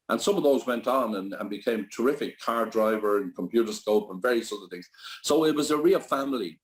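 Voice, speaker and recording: Older Irish man, low-pitched, loose and anecdotal storyteller on an interview. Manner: rambling anecdotal, with frequent restarts. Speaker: guest entrepreneur.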